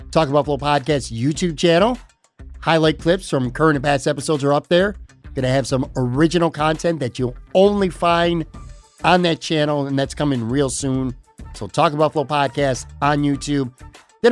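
A man hosting a sports podcast, signing off in a chatty, upbeat way and repeating himself often. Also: fairly high pitch. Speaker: podcast host. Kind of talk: casual podcast outro.

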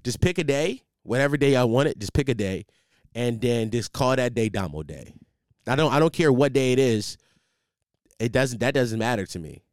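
Young man as podcast host, animated and profane, clear voice on a close studio mic. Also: mid-range voice, normal speed, no room sound. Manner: animated, profane, rambling with restarts. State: tired, sleepless. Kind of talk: casual storytelling monologue. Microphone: studio microphone.

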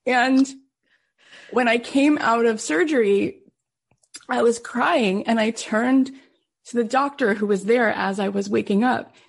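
A woman's voice: a little high, a little slow, creaky, breathy edge. A middle-aged woman podcast host telling an emotional personal story in an earnest, heartfelt way, full of casual fillers.

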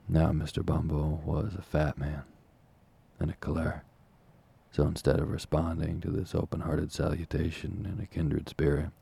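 A man narrating a classic novel as an audiobook in a measured, formal storytelling manner. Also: a bass voice, gravelly, dark tone, breathy edge.

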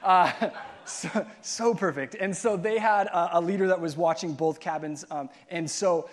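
A man's voice: sits high, measured pace. A man who is a youth pastor, preaching and telling a funny camp story with self-mocking asides and acted-out voices.

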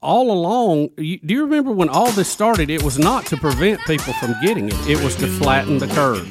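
A man's voice: a little high, very animated, brisk, loud music behind the voice. A man co-hosting a talk radio show, giving his opinions in an exasperated, casual way.

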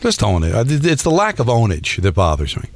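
A man's voice: on the low side, huge pitch swings, a little fast, slight background noise. A man co-hosting a sports radio show, needling and arguing his side in a heated studio debate. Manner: needling, argumentative.

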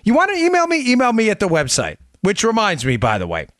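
A man hosting a political talk show, talking in an animated, exasperated, ranting way. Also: sits high, quick pace, hardly any pauses, no echo, clean studio sound. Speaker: radio show host.

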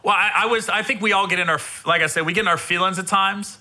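A man's voice: sits high, fast. A man, a stand-up comedian, telling stories in casual chat with lots of swearing and laughter, acting out what others said. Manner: animated storytelling, swears, laughs often, voices others. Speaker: stand-up comedian, podcast host.

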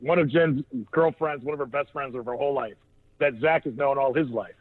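A man's voice: medium pitch, fairly quick. Man rambling over a tinny phone line. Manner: rambling, with many restarts and laughter. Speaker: podcast co-host on a phone line. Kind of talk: casual storytelling chat.

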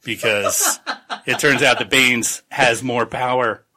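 A podcast host with a bright, forceful voice rambles through a book summary. He jokes, swears casually and chats in a loose, friendly tone. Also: mid-range voice, slow. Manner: rambling, jokey recap full of laughs and profanity. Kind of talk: casual book-club chat.

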